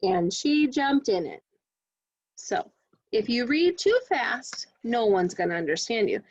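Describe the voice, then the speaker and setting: A woman teaching a kindergarten reading lesson to children in an expressive, sing-song way. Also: a little high, measured pace, no room sound, muffled recording.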